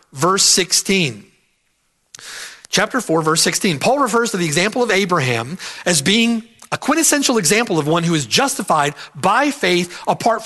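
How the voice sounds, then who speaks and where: Male preacher, high and bright voice, emphatic verse-by-verse sermon with lots of repetition. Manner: emphatic, repeats key phrases, asks "right?". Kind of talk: expository sermon.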